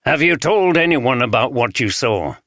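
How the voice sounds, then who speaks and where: A man voicing a calm, kindly male police detective in an audiobook, speaking in a gentle, reassuring way. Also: medium pitch, moderate pace, dry recording, clean studio sound.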